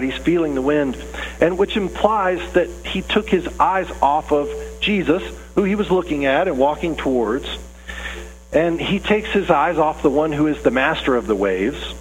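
A man's voice: fairly high pitch, in a large hall, a little hiss or hum, low-quality recording. A man preaching a sermon in a conversational, earnest way, often asking his listeners questions. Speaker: pastor.

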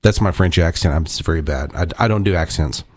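Guy doing local radio, low-ish voice, kinda rambly, corrects himself a lot, dry studio sound. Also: brisk, darkish tone, no echo. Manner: chatty, rambling, self-correcting. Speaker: radio show host. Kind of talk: casual radio talk.

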